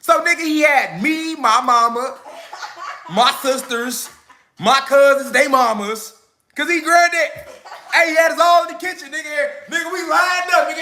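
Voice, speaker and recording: High, bright-voiced man telling a comic story. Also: echoey room, a little hiss or hum. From Chicago. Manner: animated, slangy, acts out family members. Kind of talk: comedic storytelling.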